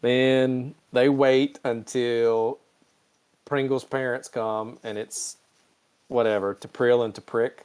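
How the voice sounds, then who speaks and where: A man hosting a casual podcast recap, swearing freely and jumping into quick character quotes with lively pitch swings. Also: clear, resonant tone. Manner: animated, jumps pitch when quoting characters. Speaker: podcast host recapping episodes.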